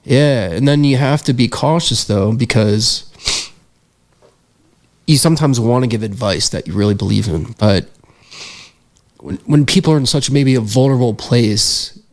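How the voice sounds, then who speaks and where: A man's voice: mid-range voice, normal speed, a little mellow. A young man, a podcast guest and filmmaker, telling a story in a casual interview, earnest and reflective with many fillers.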